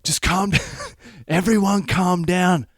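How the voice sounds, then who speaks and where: Man playing a young guy begging police to go easy, low and placating. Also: steady tone, moderate pace, darkish tone, no echo, studio quality, natural voice. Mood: urgent. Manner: pleading, placating. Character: panicked young male friend pleading with police.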